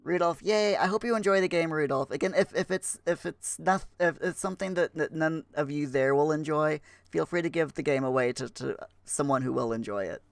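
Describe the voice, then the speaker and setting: A man hosting a game livestream in chatty, halting speech full of fillers, putting on a rough Scottish accent. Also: on the high side, no echo. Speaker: livestream host. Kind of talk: casual livestream chat.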